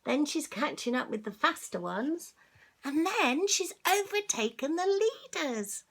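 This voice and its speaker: An older woman reading a children's story aloud as a grandmother, chatty and animated, stopping for asides to the listener. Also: sits high, measured pace.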